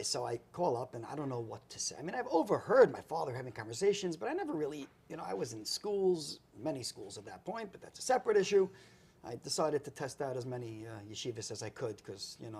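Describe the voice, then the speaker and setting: A man's voice: medium pitch, slightly rough. A man telling a long personal story in a casual chat, eating spicy food as he talks. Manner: animated anecdotal storytelling with acted quotes. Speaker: guest storyteller.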